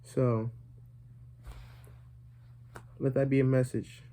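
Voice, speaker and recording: A young man spins a comedic storytime for his viewers, his voice dark and mellow. He rambles, piles on fillers and slips in deadpan jokes as he goes. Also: mid-range voice, moderate pace. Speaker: vlogger.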